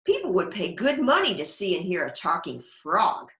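A woman librarian reading a children's storybook aloud in a slow, expressive way. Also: on the low side, slight background noise. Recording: echoey room.

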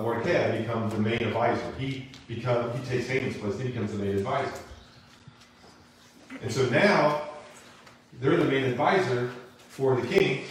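A man teaching a Bible class in a church, retelling a story in an animated, casual way, recorded in an echoey room from a distant mic. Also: mid-range voice, slight background noise. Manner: animated, casual, acts out characters. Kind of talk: lively storytelling lesson.

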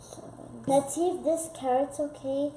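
Excitable high-voiced woman vlogger. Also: moderate pace, reverberant, slight background noise. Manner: chatty and excitable, many "like" fillers. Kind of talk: casual food-tasting vlog.

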